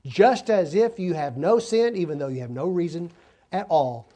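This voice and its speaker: A man's voice: a little high, lively intonation, normal speed, dark tone. A man teaching a sermon to a congregation, explaining words and asking listeners to help him. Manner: explanatory, talks to congregation, asks them for help. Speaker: preacher.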